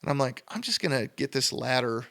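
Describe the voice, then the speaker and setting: Idaho guy w a gravelly voice, rambly excited storytelling on a podcast, lots of "like". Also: mid-range voice, a little fast. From Idaho, USA. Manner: enthusiastic, rambling, full of "like" and quoted dialogue. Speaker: guest sculptor. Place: podcast studio.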